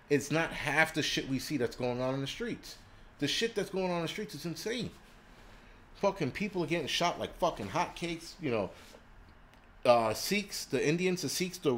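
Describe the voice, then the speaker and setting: A man's voice: a little high, a little hiss or hum. A man hosting a prepping channel, ranting on a livestream and swearing constantly in a crude, combative way. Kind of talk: profane livestream rant. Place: indoors in a city.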